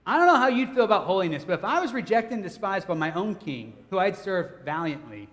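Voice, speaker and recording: Animated, high-voiced pastor in a reverberant hall. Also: male voice, fast talker. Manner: animated, humorous, chatty storyteller who addresses the congregation. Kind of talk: sermon with personal storytelling. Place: church hall. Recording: long hall reverb, church sanctuary.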